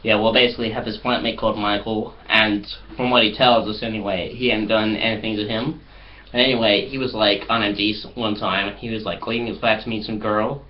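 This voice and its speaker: A man's voice: on the low side, level tone, a little fast. A man telling anecdotes in a comedic mock interview, in a boastful, rambling way. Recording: slightly muffled with faint hiss.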